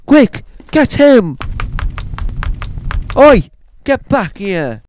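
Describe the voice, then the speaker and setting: A man's voice: high voice, lively intonation, fairly quick, a little hiss or hum, pitched above the performer's own voice. A man putting on a bellowing 1970s TV cop. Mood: shouting chase. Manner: shouting, bellowing orders. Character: brash shouting 1970s male TV police officer. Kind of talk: radio sketch comedy.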